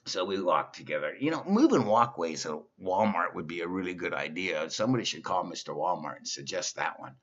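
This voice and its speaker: A male comedian doing a stand-up monologue in a slow, simple-minded persona, telling silly stories. The recording is dull and lo-fi. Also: low voice, expressive, fairly bright tone.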